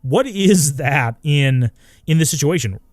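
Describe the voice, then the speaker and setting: A man co-hosting a casual podcast, joking around and breaking into quick impressions. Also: a little high, no room sound, clean studio sound. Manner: animated, jokey, does quick voice impressions. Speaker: podcast co-host.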